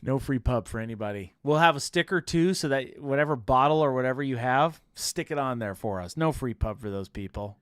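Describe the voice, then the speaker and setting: Laughing, playful man with a lively voice. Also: mid-range voice, fairly quick, hardly any pauses, smooth, no room sound, studio quality. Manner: playful, laughs often, puts on silly voices. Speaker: livestream co-host. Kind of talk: casual livestream banter.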